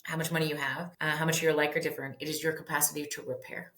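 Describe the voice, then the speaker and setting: Low-voiced woman in her 40s, therapist chatting loose and lively, echoey room. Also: rapid-fire. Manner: animated, swears casually, acts out her kids' voices. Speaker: parenting author and therapist. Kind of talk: candid podcast conversation. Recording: roomy echo.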